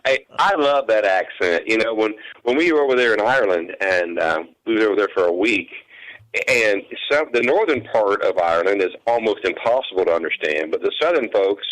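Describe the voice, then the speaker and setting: A man's voice: lowish voice, lively intonation, brisk, fairly bright tone, poor audio. A man, a country musician and hay farmer, talking in a radio interview in an easygoing, rambling way. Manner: easygoing, rambling, many restarts.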